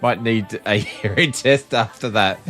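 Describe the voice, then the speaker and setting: A man's voice: medium pitch, lively intonation, slow pace, fairly bright tone, faint music behind. An Australian man hosting a flight sim stream, chatting casually with lots of ums and frequent laughs. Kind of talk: casual live-stream chat.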